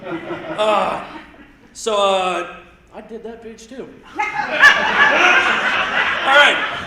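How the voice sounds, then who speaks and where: A man in his thirties doing live stand-up comedy on a theater stage, rambling and self-deprecating with quick asides. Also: high voice, heavy background noise. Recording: roomy theater sound, mic heard from a distance.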